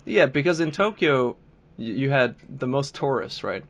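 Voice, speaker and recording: Easygoing male podcast host, middle pitch, relaxed, conversational. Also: normal speed. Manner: relaxed, laughs often, restarts words. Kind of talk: casual podcast interview.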